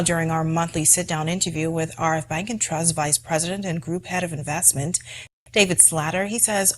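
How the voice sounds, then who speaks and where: A woman reporter reading a scripted news story in a measured way. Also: lowish voice, slight background noise. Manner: measured newsreader delivery.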